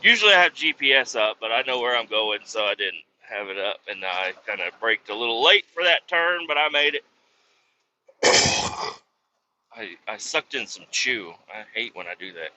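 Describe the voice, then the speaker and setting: A man's voice: medium pitch, sing-song, moderate pace, sharp tone, slight background noise. A man from Kansas City, telling rambling, profane, self-mocking stories while he drives his truck. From Kansas City, USA. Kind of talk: casual storytelling monologue while driving. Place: in a truck cab while driving.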